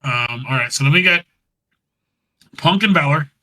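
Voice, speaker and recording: A man's voice: on the high side, expressive, moderate pace, sharp tone, rough recording. A man co-hosting a podcast, casually recapping wrestling, rambling and laughing as he acts out what was said. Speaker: podcast co-host.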